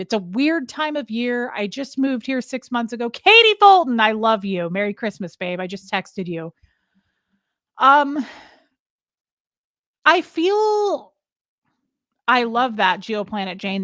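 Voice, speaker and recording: Greeting viewers by name, a woman hosts a casual livestream and wanders from one subject to the next. Her fairly high voice has a slightly bright quality. There's no echo, and the audio is studio quality.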